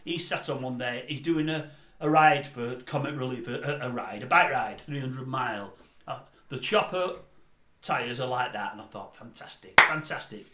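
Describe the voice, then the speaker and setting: A grumpy, sarcastic middle-aged man rambles through showbiz gossip like a comic host. His voice is bright and forceful. It rings in a roomy, echoey space. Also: mid-range voice, moderate pace, slight background noise. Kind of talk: comedic celebrity gossip monologue. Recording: roomy echo.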